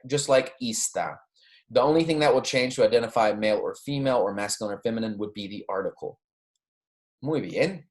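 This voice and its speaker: A man giving a recorded beginner lecture as a teacher, patiently repeating words for students to echo and saying "okay" often. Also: medium pitch. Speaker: Spanish teacher.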